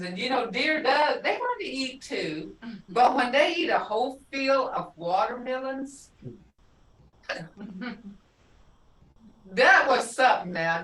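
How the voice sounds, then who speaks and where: A woman's voice: on the high side, a bit bright, distant mic. Older woman teaching tones, roomy sound. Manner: repeats words slowly to show tones, chuckles often. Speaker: language teacher. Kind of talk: informal language lesson.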